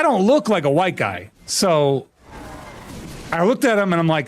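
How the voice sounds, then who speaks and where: Animated profane American guy streaming. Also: fairly high pitch, measured pace, slight background noise. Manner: rambling, profane, animated storytelling. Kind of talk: casual gaming livestream chat.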